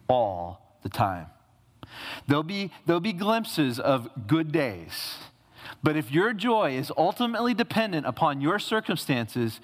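A male pastor preaching a sermon, asking rhetorical questions and repeating phrases for emphasis. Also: mid-range voice. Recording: reverberant hall.

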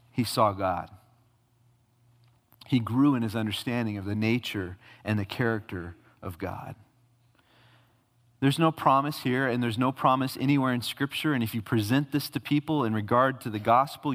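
A man preaching a sermon as a pastor, swinging from loud, high emphatic peaks down to low, hushed lines, with casual asides that act out quoted voices. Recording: reverberant hall.

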